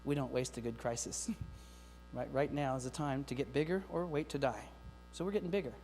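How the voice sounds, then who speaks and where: A middle-aged man giving a lively, joking keynote talk to teachers, speaking straight to the audience. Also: mid-range voice, brisk. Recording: long hall reverb with faint mains hum.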